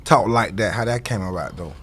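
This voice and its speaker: A man hosting a podcast, asking quick prompting questions and backing the guest with frequent "mm-hmm.". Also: fairly low pitch, fairly bright tone, slight background noise. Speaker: podcast host. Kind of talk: casual interview questions.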